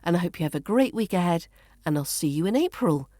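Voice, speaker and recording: A woman with a southern English RP accent, hosting an accent lesson in a crisp, measured, instructive way. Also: on the low side, animated, warm tone, no echo, clean studio sound. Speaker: accent coach and podcast host.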